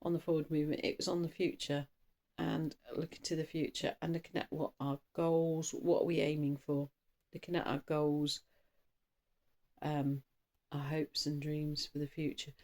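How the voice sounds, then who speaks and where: This tarot reader chats her way through an informal reading, wandering off topic, stopping and restarting, and speeding up in caffeinated bursts. Her low, darkish voice stays level, at a normal speed.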